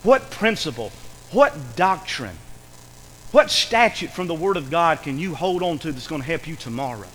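Man, preacher, lively pitch, bright tone, echoing church hall. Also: moderate pace, a little hiss or hum. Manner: emphatic, repetitive, swings between loud and hushed. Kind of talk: sermon.

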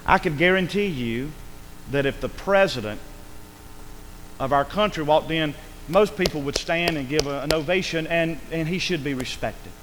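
A man preaching a sermon in an emphatic way, swinging between loud calls and quiet lines and asking for amens. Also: a little high, moderate pace, slight background noise, poor audio.

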